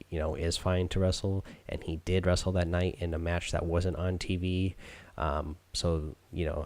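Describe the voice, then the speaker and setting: A man's voice: sits low, darkish tone. A man hosting a podcast, recapping a show in a loose, rambling way full of ums and uhs. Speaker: podcast host.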